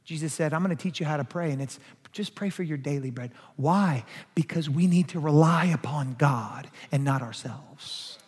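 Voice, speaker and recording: A man's voice: fairly high pitch, normal speed, slight background noise. A man preaching a sermon as pastor, emphatic, rising and falling in force. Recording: long hall reverb.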